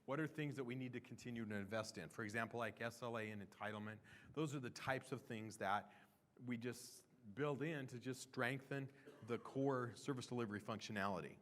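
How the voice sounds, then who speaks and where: A man of ordinary pitch talks through a product roadmap at a conference session. He keeps it loose and chatty, trailing off and restarting sentences. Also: fairly quick, a bit bright. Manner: conversational, with fillers and restarts. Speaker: product presenter. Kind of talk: conference talk.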